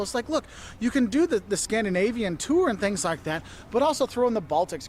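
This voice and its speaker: A man with a notably high voice gives travel advice straight to the camera, chatty and direct, laughing through his asides. He is outdoors in a city, with faint traffic noise behind him. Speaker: travel vlogger.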